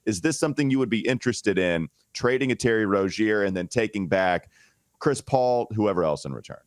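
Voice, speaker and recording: Deep-voiced man on a sports podcast. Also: expressive, fairly quick, no echo, studio quality. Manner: thinks aloud, restarts sentences. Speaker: podcast host. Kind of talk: casual sports podcast chat.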